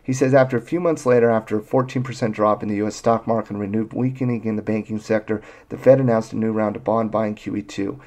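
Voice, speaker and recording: Gravelly-voiced man hosting a podcast. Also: fairly low pitch, fairly even intonation, quick pace, few pauses, darkish tone. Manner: jokey, reads quotes aloud. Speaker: podcast host. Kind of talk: casual finance chat.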